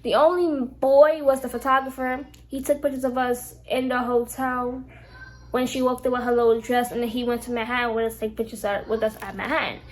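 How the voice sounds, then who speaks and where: Animated young woman telling a storytime. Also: on the high side, brisk. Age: young adult. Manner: animated, swears freely, acts out quoted lines. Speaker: vlogger. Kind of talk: casual storytime. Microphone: phone camera.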